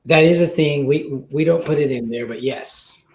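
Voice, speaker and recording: A man, an attorney guest in an interview, explaining calmly and filling his talk with "you know". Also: on the high side, normal speed, slight background noise. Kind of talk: interview answers.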